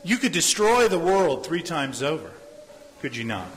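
A man's voice: fairly high pitch, big pitch swings, normal speed, slight background noise. A man preaching a sermon as a pastor. He speaks earnestly, repeats his phrases and acts out the voices of people he quotes. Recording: long hall reverb.

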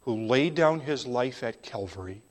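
A man preaching a sermon in a measured, emphatic style, sometimes dropping to a near whisper for emphasis. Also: mid-range voice, animated.

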